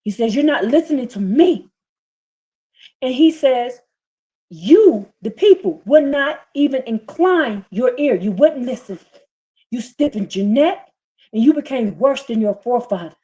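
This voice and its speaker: Fiery preaching woman, higher voice. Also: lively intonation, a little slow, warm tone. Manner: fiery, scolding, reads scripture in rising bursts. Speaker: preacher streaming a scripture reading. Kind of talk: impassioned live-stream sermon.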